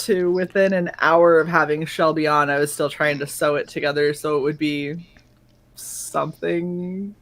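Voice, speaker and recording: A woman hosting a casual chat, telling a story in an animated way and acting out the lines she quotes. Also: low voice, normal speed. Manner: animated storyteller, acts out quotes, swears freely. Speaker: streamer host.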